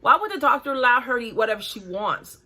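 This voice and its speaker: A woman's voice: a little high, lively intonation, fast, bright, forceful tone. A woman in her forties hosting a reaction video, talking bluntly and critically in casual chat while breathing hard. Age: 40s.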